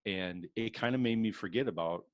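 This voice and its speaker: A middle-aged man co-hosting a sports podcast, chatting excitedly with casual slang. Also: lowish voice, moderate pace, a little hiss or hum. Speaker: podcast co-host. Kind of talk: casual chat.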